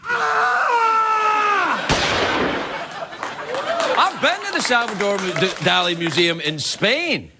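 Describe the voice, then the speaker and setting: A man hosting a late-night talk show, delivering an animated, joking comedy monologue on a TV studio stage. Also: high voice, moderate pace, few pauses, over a noisy crowd. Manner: animated, joking, jumps into silly voices. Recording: loud studio audience laughter and noise.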